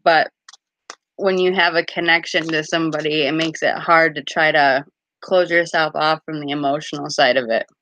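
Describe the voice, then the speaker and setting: A woman's voice: deep voice, steady tone, moderate pace, fairly bright tone, no echo. A woman casually chatting on a live stream as a card reader, giggly and full of fillers.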